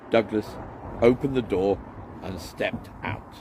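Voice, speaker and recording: A man reading a children's story aloud at home, with gentle chatty asides. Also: on the low side, expressive, a little slow, creaky, slight background noise.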